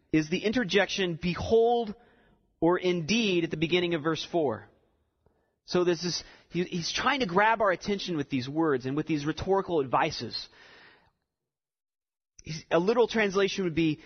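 A man's voice: on the high side, lively intonation, moderate pace, slightly rough. A man preaching a sermon, explaining a text and building to emphatic repeated lines. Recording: dull sound with long reverb in a hall.

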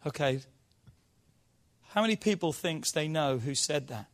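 A man with a notably high voice preaches in a church. He teases the congregation with questions, then reads scripture slowly and swells into emphatic calls. His delivery is conversational and punchy. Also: expressive. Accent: non-local accent. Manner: playful, quizzing the audience, then preaching with rising emphasis. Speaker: pastor. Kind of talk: sermon.

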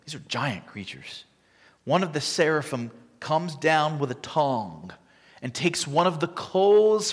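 A man preaching a sermon, dramatic and vivid, acting out the scripture quotes with big shifts between loud and quiet. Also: fairly high pitch. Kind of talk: expository sermon. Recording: long reverb from a large hall.

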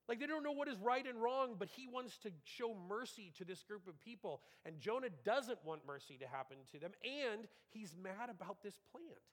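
A man preaching in an animated, conversational manner, with a fairly high voice. He acts out the quotes within his sermon, and the long reverb of a church hall trails behind every phrase. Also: moderate pace, hardly any pauses.

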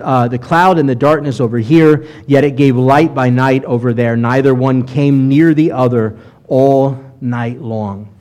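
A middle-aged man preaching a sermon as a rabbi, with animated delivery and sudden loud bursts of emphasis when voicing quoted lines. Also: medium pitch.

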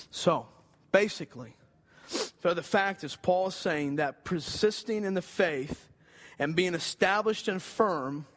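A man preaching a sermon in an earnest, conversational way, rising for emphasis. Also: fairly high pitch. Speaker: pastor.

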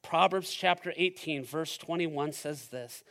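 A man preaching in a high, bright voice at a church service. He speaks straight to the congregation and moves between loud, driving stretches and quiet, hushed ones. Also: moderate pace. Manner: addresses the congregation directly. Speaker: pastor. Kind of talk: sermon.

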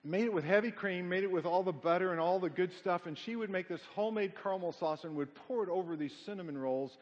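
A middle-aged male pastor preaches emphatically, mixing rhetorical questions with folksy, humorous stories. His voice sits high for a man, and a long hall reverb trails each phrase. The sound is dull and lo-fi. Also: fast. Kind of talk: sermon.

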